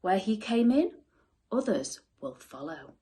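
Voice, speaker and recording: A fretful male unicorn murmurs his warnings in a low, hushed whisper, as a woman puts him on. The voice dips beneath her storytelling tone and stays soft and grave throughout. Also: sing-song, unhurried. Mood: ominous. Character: nervous solemn male unicorn.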